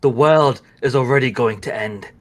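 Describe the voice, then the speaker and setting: A man voicing a grim male dark-order warrior who speaks in measured threats. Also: mid-range voice, lightly acted. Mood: conflicted.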